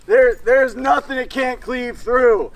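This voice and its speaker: A man with a very high voice explains historical weapons to an outdoor audience at a demonstration. He lectures in short phrases and projects his voice. His delivery is slow and unhurried. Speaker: combat demonstration presenter. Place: outdoors at a reenactment event.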